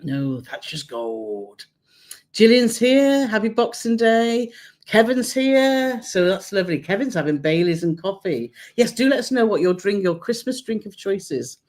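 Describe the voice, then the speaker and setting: A woman's voice: medium pitch, sing-song, unhurried, darkish tone. Chatty woman with tag questions. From England near the Welsh border. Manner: chatty, rambling, tag questions to her partner. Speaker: co-host of a travel channel live stream. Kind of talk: casual live-stream chat.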